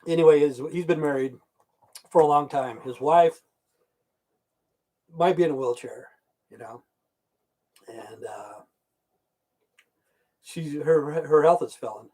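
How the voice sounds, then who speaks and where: A man's voice: on the high side, slow, pauses often, a little mellow. A middle-aged man chatting casually on a live stream, rambling through stories and swearing constantly. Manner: reads out chat viewer names. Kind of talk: rambling casual livestream chat.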